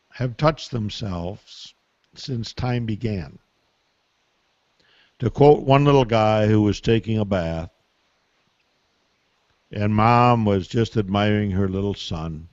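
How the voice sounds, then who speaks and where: A man's voice: on the low side, slow, pauses often, darkish tone, dry recording. An older man, a parenting expert, giving advice on a call-in Q&A with folksy stories and emphatic asides. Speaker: parenting expert answering listener questions. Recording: dull, muffled call audio.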